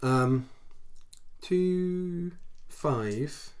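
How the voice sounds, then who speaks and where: A man's voice: a little high, animated, extremely slow, a little mellow. A man playing a tabletop game, arguing his case and haggling with the game master. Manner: argumentative, haggling, casual swearing. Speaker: player. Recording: noisy recording.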